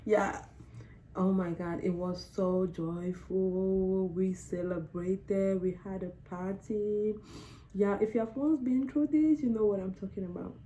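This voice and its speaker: Young woman from Cameroon, chatty storytime vlogger, mellow timbre, light background noise. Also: medium pitch, steady tone, a little slow, low-quality recording. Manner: chatty, emotional, frequent "like". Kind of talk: casual storytime vlog.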